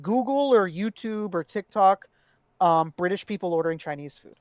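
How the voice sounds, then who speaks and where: A woman from the US co-hosting a podcast in casual chat, animated and swearing freely. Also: mid-range voice, moderate pace, no echo, studio quality. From United States. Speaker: podcast co-host.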